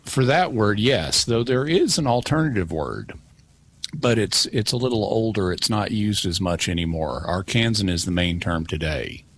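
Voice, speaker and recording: A man explaining answers on a call-in radio show, careful and precise, with a dry wit. His voice sits fairly low. He builds his points step by step. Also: animated, normal speed. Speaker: regular guest expert.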